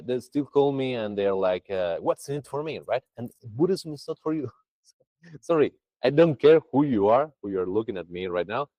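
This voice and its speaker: A man's voice: mid-range voice, no room sound, low-quality recording. A man teaching a Buddhist practice to a group over a video call, chatty and full of restarts. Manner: lively, chatty, with many restarts.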